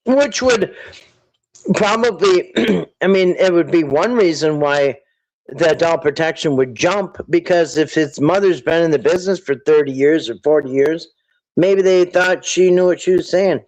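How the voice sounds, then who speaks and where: Guy rambling on a livestream, reading chat, kinda high voice, thinks out loud. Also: measured pace, low-quality recording. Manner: rambling, thinks aloud, quotes people in put-on voices. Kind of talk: casual commentary livestream.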